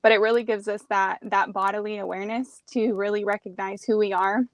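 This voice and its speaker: A woman guest explaining energy healing in a gentle, steady way, with frequent light laughs. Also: mid-range voice, a little fast, no room sound. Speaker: guest, crystal and chakra teacher. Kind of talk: casual chat and explanation.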